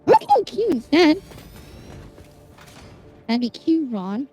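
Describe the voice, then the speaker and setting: A very high, animated voice tells a story to a livestream chat, exasperated and full of swearing. The pitch leaps around constantly, and soft game music plays in the background. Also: slow, poor audio. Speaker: streamer. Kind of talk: casual chat with viewers.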